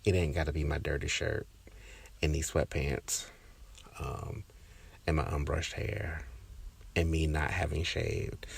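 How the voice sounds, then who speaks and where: A man with a very deep, gravelly, husky voice muses over a personal story for his podcast. He talks in a loose, halting way, restarting his sentences and now and then sinking into a whisper. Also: flat delivery. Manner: reflective, halting, with many restarts and fillers. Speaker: podcast host.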